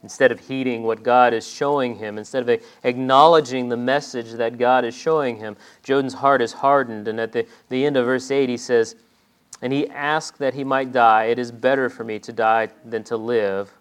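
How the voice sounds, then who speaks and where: A man delivers a sermon in a mid-pitched voice. He reads scripture and acts out quoted speech, swelling with intensity on the dramatic lines and falling quiet on others. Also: fairly even intonation, moderate pace, clear, resonant tone. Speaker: preacher.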